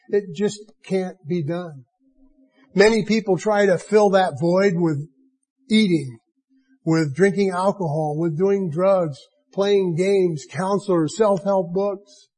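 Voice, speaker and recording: A man preaching a sermon in a church, earnest and deliberate, with emphatic swells on key lines. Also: high voice, mellow, slightly rough, low-quality recording.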